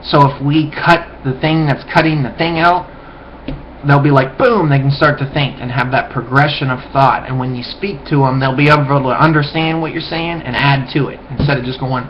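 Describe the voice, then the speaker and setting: A man's voice: mid-range voice, steady tone, moderate pace. A man rambling through a loose, profane webcam monologue, often trailing off and mumbling. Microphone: webcam mic. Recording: dull lo-fi webcam audio, faint hiss.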